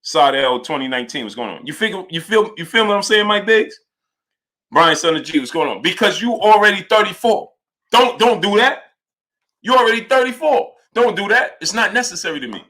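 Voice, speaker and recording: Animated man with a bright, forceful voice. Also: brisk. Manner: animated, loud bursts when quoting, then low mumbled shout-outs. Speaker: live-stream sports show host. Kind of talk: casual live-stream commentary reading chat names.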